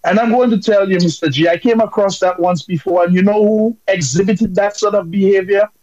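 A man's voice: high voice, fairly even intonation, brisk, darkish tone, no echo, lo-fi sound. A man from Dominica calling in with impassioned, emphatic political commentary.

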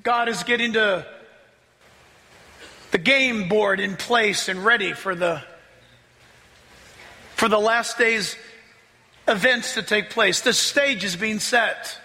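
Man, pastor, sermon, excitable, laughing, shouting bursts, very bright tense voice. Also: high-pitched, slow pace, long pauses, big-room sound.

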